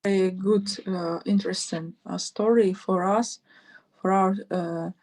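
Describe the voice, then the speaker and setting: Halting woman interviewer searching for words. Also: medium pitch, steady tone, darkish tone. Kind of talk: conversational interview.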